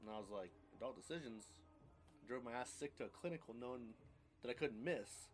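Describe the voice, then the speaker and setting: A man's voice: mid-range voice, quick pace, faint music behind. A man in his thirties casually telling his life story on a podcast, rambling and blunt, with casual swearing.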